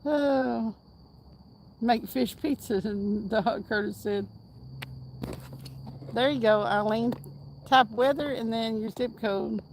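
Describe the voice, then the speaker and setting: On a nighttime fishing livestream, the host talks slowly with long pauses, her slightly high voice a little mellow. She chats, reads out comments from viewers and laughs a lot, while the rough recording picks up a little hiss or hum.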